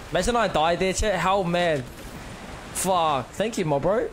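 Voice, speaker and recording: A man's voice: high-pitched, measured pace, background noise. A young man with a New Zealand accent, chatting casually on a gaming livestream and greeting viewers with laid-back slang. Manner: laid-back slang, reads out chat names.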